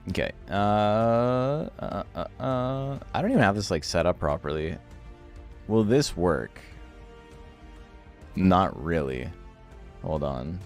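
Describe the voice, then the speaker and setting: A man's voice: sits low, lively intonation, slow pace, pauses often, faint music behind. A man casually commentating a game stream, reading game text aloud with wry, offhand remarks.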